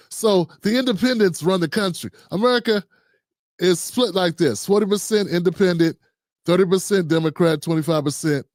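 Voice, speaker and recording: A man's voice: sits high, darkish tone, no room sound, studio quality. A man hosting a livestream who comments on a news clip in a casual, conversational way, with asides like "man.". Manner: laid-back and conversational, drops in "man" and asides.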